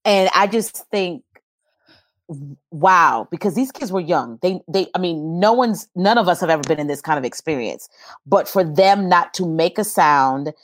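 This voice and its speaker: A woman's voice: on the low side, expressive, moderate pace, no echo, clean studio sound. A woman guest telling a personal story in earnest, testimony style, in an interview.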